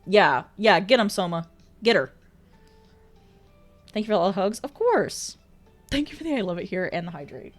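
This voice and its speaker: A woman's voice: lowish voice, big pitch swings, moderate pace, faint music behind. A woman streaming live, chatting casually and reading out viewer messages, exclamatory, swearing freely and laughing often.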